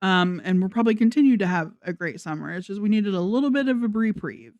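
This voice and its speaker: A woman's voice: mid-range voice, expressive, fast, a little mellow, dry recording, lo-fi sound. Sarcastic, foul-mouthed woman commentator. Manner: sarcastic, mocking, heavy swearing. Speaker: commentary vlogger. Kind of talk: casual commentary rant.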